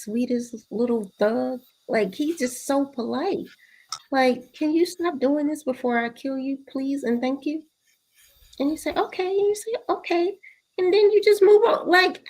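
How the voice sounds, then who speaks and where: A woman co-hosting a casual show review, chatty and acting out quotes in soft put-on voices. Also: high-pitched. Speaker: co-host.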